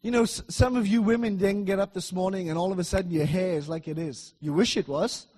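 A middle-aged man preaching a sermon in a church, emphatic and repetitive, swinging between loud declarations and soft asides. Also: high voice, steady tone, fairly quick.

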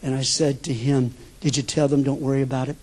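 An older man preaching a sermon as a pastor, telling stories with sudden shifts between loud bursts and hushed asides. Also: mid-range voice, flat delivery, brisk.

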